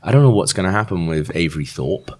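A man's voice: deep voice, expressive, quick pace. A man co-hosting a podcast, chatting casually and laughing often. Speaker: podcast co-host. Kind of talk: casual chat.

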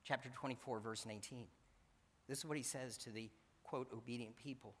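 A man's voice: medium pitch, steady tone, fairly quick, husky. A man preaching a sermon in an earnest, emphatic way, repeating his key phrases. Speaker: pastor. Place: church sanctuary. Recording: church hall reverb.

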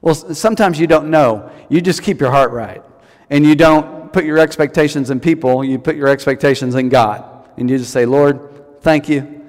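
A man's voice: fairly high pitch, fairly quick, a little mellow, in a large hall. A man preaching a sermon as pastor, telling stories and repeating key lines for emphasis. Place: church service.

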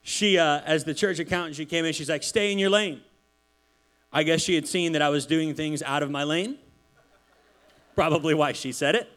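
High-voiced, chatty man preaching. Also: a little fast. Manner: chatty, animated storytelling with many asides. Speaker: pastor. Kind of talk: casual sermon. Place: church.

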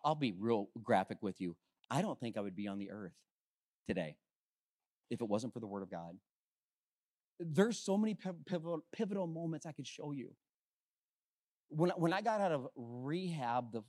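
A man preaching a sermon as pastor, talking conversationally with rhetorical questions and swinging between hushed and loud. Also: a little high.

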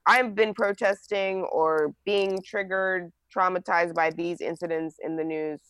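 A woman's voice: on the low side, steady tone, a bit bright, smooth, no room sound. A woman from New Jersey co-hosting a casual political chat, frank and conversational. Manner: frank, conversational, with fillers and quick emphasis. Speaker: podcast co-host.

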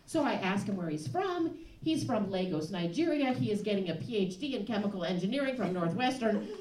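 Lively woman doing stand-up in a club. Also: medium pitch, fairly quick, recorded from a distance. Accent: Chicago. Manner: animated, laughing through punchlines. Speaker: stand-up comic. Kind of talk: live stand-up storytelling. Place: comedy club stage. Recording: roomy live club recording with audience noise.

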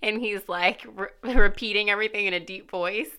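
A woman's voice: mid-range voice, fairly even intonation, moderate pace, noisy background. A woman co-hosting a podcast, chatting casually about a TV episode. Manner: chatty, quotes characters in put-on voices. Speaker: podcast co-host. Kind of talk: casual chat reviewing a TV episode.

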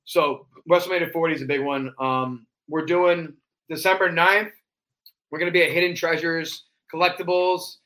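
Young man, high bright voice, lively storyteller, casual chat. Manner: animated storyteller, slips into wrestler impressions. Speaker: cosplayer guest.

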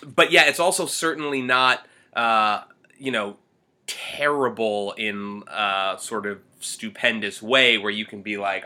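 A man's voice: on the low side, unhurried, sharp tone. A man co-hosting a casual movie podcast, chatty and rambling, laughing often. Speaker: podcast co-host. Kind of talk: casual movie review chat.

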